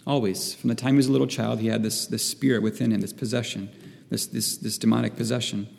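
A man delivers a sermon in a low-pitched, heavily gravelly, mellow voice. He stumbles and repeats himself as he reaches for each thought. His words ring out with a long reverb through the hall. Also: little pitch movement, quick pace. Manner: hesitant, repeats words while searching for phrasing. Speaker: preacher.

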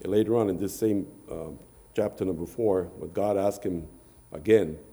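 A man's voice: low-pitched, moderate pace, mellow. A man preaching a sermon, retelling scripture in archaic phrasing and often repeating words.

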